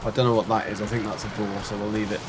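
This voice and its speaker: A man's voice: on the low side, flat delivery, racing. Rambling man streaming a game, noisy audio. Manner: rambling, chatty, reads and answers chat. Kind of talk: casual live gameplay chat.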